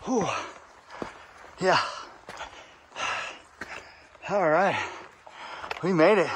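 A man's voice: mid-range voice, moderate pace, slight background noise. A man vlogging outdoors while hiking, talking casually to his viewers, out of breath, with lots of fillers. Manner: chatty, addresses viewers as guys, many fillers. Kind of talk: casual outdoor vlog narration. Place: outdoors on a mountain trail.

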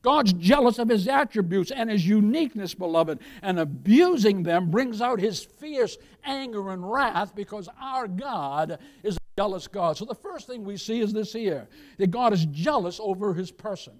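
A male pastor with a high-pitched voice delivers a sermon. He builds from quieter passages to loud, emphatic peaks and calls out to the congregation. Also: animated, moderate pace.

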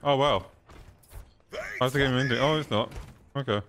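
A man's voice: mid-range voice, moderate pace, background noise. A man chatting with teammates during an online game, playful and teasing. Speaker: gamer in voice chat. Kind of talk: casual gaming banter.

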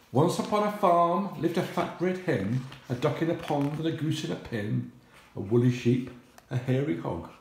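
Older grandfather reading a picture book, lively sing-song delivery, echoey room. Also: mid-range voice, a little hiss or hum. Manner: sing-song rhyming with animal noises.

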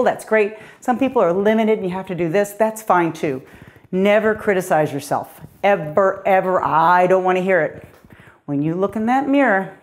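A middle-aged woman, a fitness coach, leading a guided workout with upbeat, encouraging cues, slightly out of breath. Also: on the low side.

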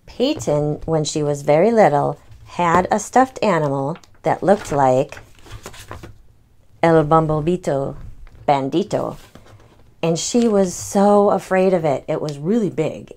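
Storytime mom in her 30s, gentle, explains as she reads, lowish voice. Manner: gentle, explaining to young children. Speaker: storytime reader and parent. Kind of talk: children's read-aloud.

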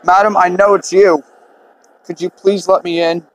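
A man's voice: high voice, little pitch movement, moderate pace, pitched above the performer's own voice, natural voice, low-quality recording. A man voicing a guilty young debt collector. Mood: apologetic. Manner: polite, hesitant, apologetic. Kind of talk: reading game dialogue aloud.

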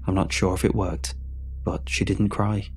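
Low-voiced man narrating a horror story. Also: fairly even intonation, normal speed, creaky, soft background music.

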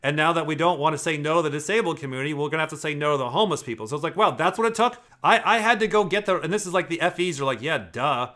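A man's voice: fairly high pitch, rapid-fire, hardly any pauses, sharp tone. A man hosting a casual commentary, rambling and swearing freely as he talks. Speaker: host.

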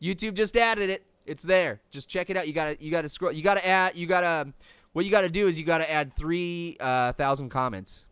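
A man voicing a cocky, hyper talking pear who brags about his gaming skills while playing a video game, slangy and prone to high squealing screams. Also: brisk, fairly bright tone, smooth, no room sound, lightly acted. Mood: chatty. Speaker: game commentator. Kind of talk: let's-play cartoon commentary.

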